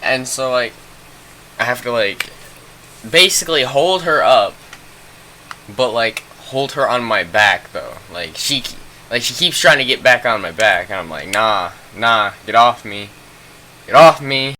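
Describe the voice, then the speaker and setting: Bright-voiced young man rambling through a story. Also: mid-range voice, expressive, unhurried, a little hiss or hum. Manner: rambling, profane, full of fillers. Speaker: vlogger telling a story. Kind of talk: casual storytime.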